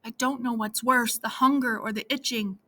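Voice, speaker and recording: A woman's voice: fairly high pitch, fairly even intonation, normal speed, bright, forceful tone. A woman voicing a frightened young wife in hiding, anxious and pleading, in an audiobook reading.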